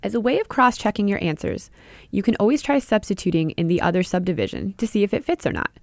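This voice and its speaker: A woman hosting an educational podcast, explaining ideas clearly in scripted narration and speaking straight to the listener. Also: medium pitch, animated, fast, faint music behind. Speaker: podcast host and music teacher.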